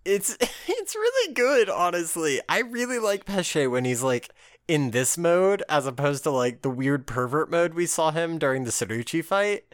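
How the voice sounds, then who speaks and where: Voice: mid-range voice, sing-song, moderate pace, no room sound. A podcast co-host retelling an episode in casual chat, laughing easily and swearing freely. The voice swings widely up and down as they act out the characters' lines. The sound is close and dry, with no room in it.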